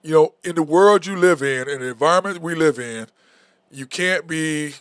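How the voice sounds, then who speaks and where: Blunt, animated man hosting sports talk. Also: on the high side, moderate pace, clear, resonant tone, dry recording, studio quality. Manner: blunt, animated, says "okay?" and "bro" a lot. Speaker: sports talk show host.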